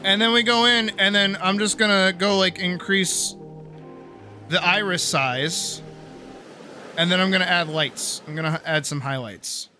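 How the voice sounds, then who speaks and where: A man streaming live, talking casually and getting wildly animated, swearing freely as he demonstrates his art. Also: sits high, a little slow, faint music behind. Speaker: streamer and artist.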